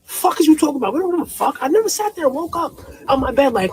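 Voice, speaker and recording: A woman with a deep voice and a New York accent, ranting bluntly and profanely outdoors in a storm. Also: big pitch swings, quick pace, a little mellow, slight background noise, rough recording. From New York City. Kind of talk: ranting to camera.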